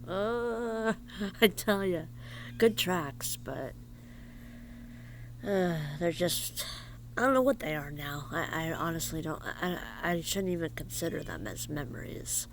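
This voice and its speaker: A man vlogging outdoors in a casual, rambling way, halting and hesitant, rueful and confiding, sometimes dropping to a hushed near-whisper. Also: on the high side, vocal fry, slight background noise. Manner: halting and hesitant, with repeated fillers and restarts. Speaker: vlogger and musician.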